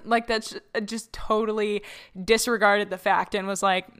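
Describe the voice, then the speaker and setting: A woman's voice: mid-range voice, steady tone, a little slow, fairly bright tone, clear, resonant tone. A young woman hosting a casual solo podcast, talking in a chatty way with frequent fillers and laughs, recorded on her own mic in a house. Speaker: podcast host. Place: borrowed house, slightly echoey room.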